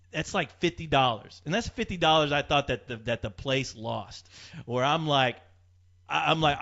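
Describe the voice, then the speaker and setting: A man with a bright, somewhat high voice tells a story in casual, profane chat and laughs often as he acts out the people in it. The recording sounds dull and lo-fi.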